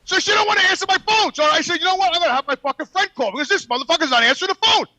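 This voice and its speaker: A man's voice: very high-pitched, very fast, bright, forceful tone, no echo. A man with a New York accent, telling a profane story by phone from his truck cab while driving. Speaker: regular guest calling in. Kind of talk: casual storytelling.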